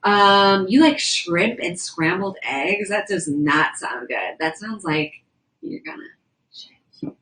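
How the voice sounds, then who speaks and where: A woman's voice: medium pitch, lively intonation, takes it slowly, a bit bright, low-quality recording. A young woman livestreaming, chatting casually and rambling as she reads viewer comments aloud from indoors. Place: indoors at a house.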